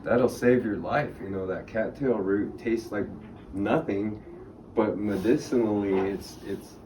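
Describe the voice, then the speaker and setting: A middle-aged man with a fairly low, unhurried voice gives a casual storytelling talk as a guest speaker on native arts in a library room. His stories ramble, with laughs and acted-out quotes. The recording is echoey, with a distant mic and background noise.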